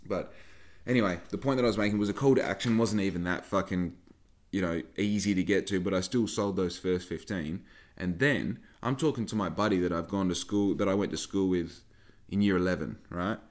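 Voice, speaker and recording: Brisk and low-voiced, this young podcast host and small business owner rambles casually through a story, cursing freely as he goes.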